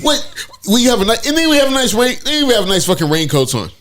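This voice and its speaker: A man's voice: extremely high pitch, very animated, quick pace, a bit bright. A man co-hosting a casual podcast, cracking crude jokes and laughing a lot. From Portland area, US. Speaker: podcast co-host. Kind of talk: casual profane chat.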